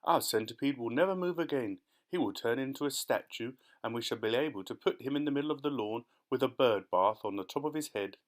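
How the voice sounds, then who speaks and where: A man's voice: medium pitch, fairly quick, hardly any pauses, natural voice. A man voicing a glum, pessimistic male earthworm in a storybook audiobook, talking in a complaining way. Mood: gloomy.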